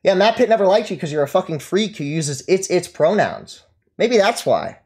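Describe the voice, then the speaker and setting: A man's voice: high voice, big pitch swings, normal speed, a little mellow, husky. A man ranting at his live stream chat, mocking and taunting his target and laughing at them. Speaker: streamer reading and answering chat.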